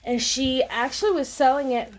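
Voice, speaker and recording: A woman vlogging an unboxing in a casual, gushing, excitable way, with lots of ums. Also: high-pitched, moderate pace. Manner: gushing and excitable, many fillers. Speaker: planner vlogger.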